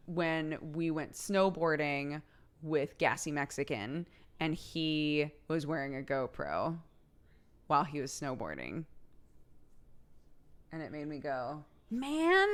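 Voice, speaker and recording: A woman's voice: low voice, clean tone. Laughing, chatty woman streamer. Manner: chatty, laughs often, reads chat aloud. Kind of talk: casual late-night chat with viewers.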